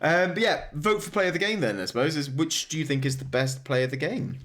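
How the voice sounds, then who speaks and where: A man's voice: a little high, fast, very noisy. A man co-hosting a gaming podcast, telling stories casually with plenty of swearing and laughter. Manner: animated, swearing, laughing storyteller. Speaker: podcast co-host.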